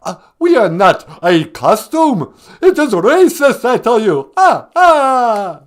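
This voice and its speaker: A man's voice: very animated, full character voice. Man putting on a cackling vampire Count. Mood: indignant. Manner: booming, drawn-out, cackling "ah, ah" laugh. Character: theatrical old male vampire count, dramatic.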